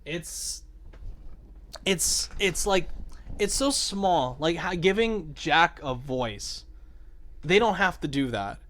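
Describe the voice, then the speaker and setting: A young man chatting excitedly about a video game, swearing and saying "like" a lot as the show's host. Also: fairly high pitch, slow, long pauses. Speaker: podcast host. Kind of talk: casual game discussion.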